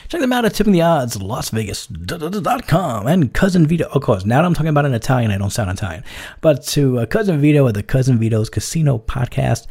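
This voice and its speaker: A man's voice: medium pitch, big pitch swings, fast talker, a little mellow, slightly rough. A man hosting his own podcast, talking off the cuff in a rambling way and swearing freely. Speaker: podcast host. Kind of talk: casual solo podcast outro.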